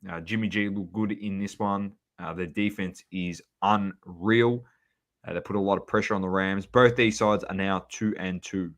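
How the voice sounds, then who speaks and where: Teasing Australian man, lowish voice. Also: steady tone, normal speed. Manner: jokey, teasing, runs the segments. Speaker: podcast host. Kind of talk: casual sports chat.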